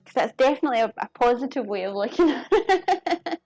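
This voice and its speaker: A woman from the United Kingdom streams herself cooking in her home kitchen, her high voice swinging widely in pitch at a normal speed, a little mellow. The sound is close and dry with no room sound and soft music underneath as she chats and giggles with viewers while working.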